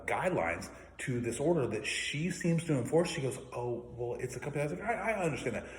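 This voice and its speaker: An indignant man rants and swears, clearing his throat now and then. His voice sits low. It rings in a roomy space with a long reverb tail and faint noise underneath. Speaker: vlogger. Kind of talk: angry ranting monologue. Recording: echoey room with faint noise.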